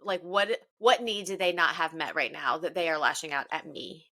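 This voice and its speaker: A woman's voice: low voice, normal speed, bright, forceful tone. A woman in her thirties co-hosting a casual chat, telling emotional stories. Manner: chatty, emotional storytelling. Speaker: podcast co-host.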